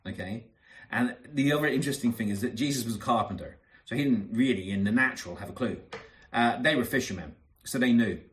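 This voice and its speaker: A man preaching a sermon, earnest and emphatic, repeating key phrases and dropping into soft asides. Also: medium pitch, a little fast.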